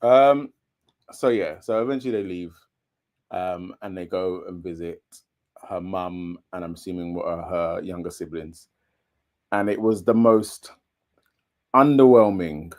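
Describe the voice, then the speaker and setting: A man's voice: deep voice, a little slow, long pauses, a little mellow. A British man hosting a casual TV recap chat, laid-back and candid with slangy asides. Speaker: host. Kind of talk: casual chat, reading viewer comments.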